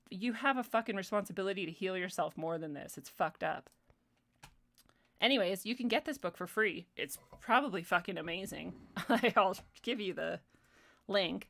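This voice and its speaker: A woman's voice: medium pitch, fairly bright tone. Heated, profane woman ranting on stream. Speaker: livestream host. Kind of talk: casual commentary monologue.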